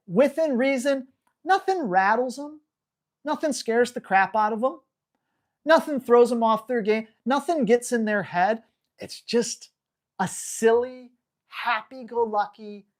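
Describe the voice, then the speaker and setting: A man hosting a live dog-training Q&A, talking bluntly and hammering home key words. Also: high voice. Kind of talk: live Q&A stream.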